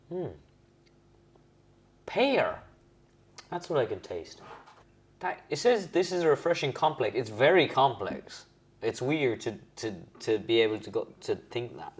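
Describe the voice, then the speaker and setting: A young man chatting casually at home as he tastes and rates beers, rambling and correcting himself. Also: on the low side. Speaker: host reviewing beers. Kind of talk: casual beer-tasting vlog.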